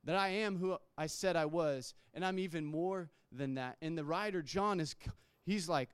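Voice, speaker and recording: A man's voice: a little high, normal speed, smooth, no echo. A man preaching a sermon in a conversational way, restarting words and acting out quotes. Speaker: pastor.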